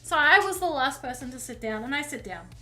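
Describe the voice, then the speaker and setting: A woman with a bright, slightly high voice tells a rambling personal story on her live stream. She is chatty and loose, swears often, and throws herself into quoting the people in the story. Faint music plays behind her. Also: brisk. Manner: chatty, swears freely, lively and animated in quoted dialogue. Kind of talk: casual storytelling while painting on stream.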